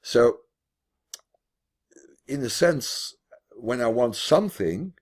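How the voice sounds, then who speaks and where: A man's voice: medium pitch, lively intonation, slow. A man teaching philosophy online in a video call, thinking aloud as he explains, with restarts and repeated words.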